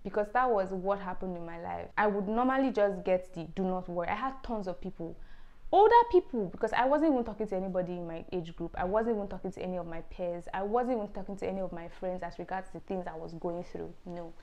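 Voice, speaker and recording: A woman's voice: on the low side, quick pace, hardly any pauses, darkish tone. A young woman from Nigeria, telling a personal testimony in an earnest, emotional vlog style with many fillers. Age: young adult. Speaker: vlogger.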